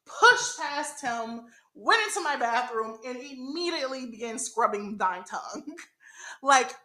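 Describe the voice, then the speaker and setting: A young adult woman hosting a podcast, telling a profane story in casual chat, animated and laughing often. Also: sits high, unhurried, echoey room. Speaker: podcast host.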